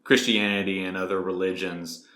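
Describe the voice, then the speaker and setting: A man co-hosting a casual podcast, relaxed, retelling a novel's plot with many fillers. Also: deep voice, normal speed, reverberant. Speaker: podcast co-host. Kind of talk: casual book discussion.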